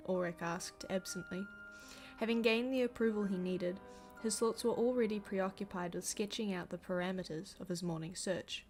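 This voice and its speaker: Woman reading aloud, casual asides, medium pitch, faint background music. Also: moderate pace. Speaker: reader.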